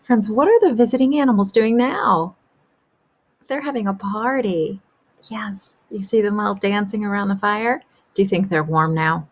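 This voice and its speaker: A woman kindergarten teacher asking young children gentle questions about a story in a remote lesson. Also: medium pitch, normal speed, slight background noise.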